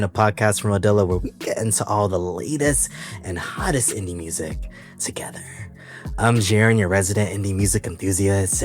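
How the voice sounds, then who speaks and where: A man hosting his own music podcast in a casual, animated, chatty way, laughing often and using easy slang. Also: on the low side. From San Francisco Bay Area. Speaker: podcast host. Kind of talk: casual solo podcast chat.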